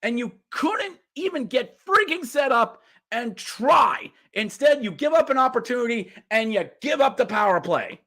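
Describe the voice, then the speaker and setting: A man hosting a podcast, recapping a hockey game as a fan, getting riled up and yelling during the play-by-play. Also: very high-pitched, very animated, normal speed. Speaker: podcast host.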